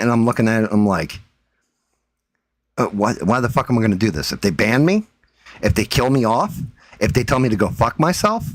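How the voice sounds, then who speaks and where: Low-voiced man in a profane defiant rant. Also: no echo. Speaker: livestream host. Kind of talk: ranting livestream talk.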